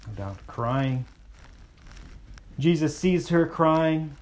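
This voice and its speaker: A man preaching with a slightly higher-pitched voice. He shifts his pace freely, sometimes rushing ahead and sometimes slowing to a hush to stress a point. His delivery is earnest and expressive. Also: a little hiss or hum. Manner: expressive preaching, slows and softens for emphasis. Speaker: pastor. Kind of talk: sermon.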